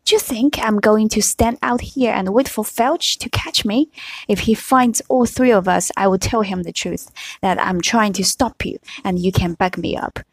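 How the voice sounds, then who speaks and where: A woman's voice: mid-range voice, moderate pace, no room sound, lightly acted. A woman reading as a bossy, scolding schoolgirl. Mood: indignant. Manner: scolding, prim. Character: bossy know-it-all schoolgirl witch.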